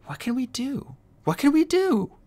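A young dragon blurts out questions in a high, frantic voice, as an audiobook reader puts him on. The pitch leaps about widely, storybook style. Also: sing-song, moderate pace, dark tone. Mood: panicked. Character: young dragonet Clay, panicked and desperate.

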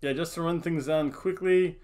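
A man's voice: fairly high pitch, fairly even intonation, normal speed, a little mellow. A man hosting a casual podcast, talking through his wrestling predictions in a rambling, offhand way and often correcting himself. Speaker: podcast host.

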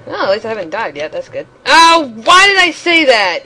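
A young woman commenting on her own gameplay, excitable, yelping and laughing at the game. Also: high voice, moderate pace, hardly any pauses, slight background noise, low-quality recording. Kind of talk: let's play commentary.

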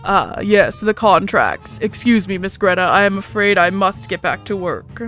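A woman voicing a reserved, polite male minotaur hotel keeper who speaks formally and measured. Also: medium pitch, a bit bright, soft background music, pitched below the performer's own voice, lightly acted.

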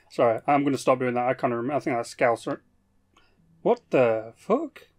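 Chatty British man narrating his game. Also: mid-range voice. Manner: chatty, profane, jokey. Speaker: gaming YouTuber. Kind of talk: casual game commentary.

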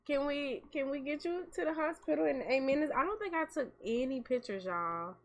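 A woman's voice: high voice, expressive, fairly quick. Chatty young woman. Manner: chatty, talks to viewers as "y'all". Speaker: gameplay commentator. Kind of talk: casual game commentary.

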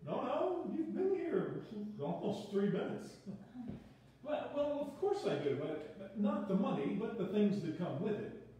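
A man reading a dry, awkward composer who hesitates before his quips. His tone is mellow and dark. It is recorded in a very echoey room from a distance. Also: high-pitched, big pitch swings, a little hiss or hum. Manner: dry, hesitant, with filler pauses. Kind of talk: reader's theater play reading. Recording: echoey room, far from the mic.

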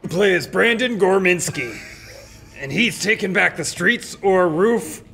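Bright, teasing man joking over a game. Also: high-pitched, lively intonation, unhurried, gravelly, a little hiss or hum. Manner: joking, teasing, playful asides. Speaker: video game commentator. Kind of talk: casual let's-play banter.

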